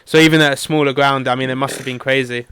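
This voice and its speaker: A man's voice: medium pitch, steady tone, quick pace, a bit bright, clean tone, no echo. A man hosting a podcast, quizzing and teasing his guest in a joking way. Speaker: podcast host. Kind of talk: casual podcast quiz and banter.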